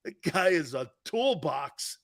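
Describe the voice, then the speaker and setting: A man's voice: fairly high pitch, big pitch swings, takes it slowly. A man from Connecticut hosting a sports talk show, blunt and mocking as he reads viewer comments and rants.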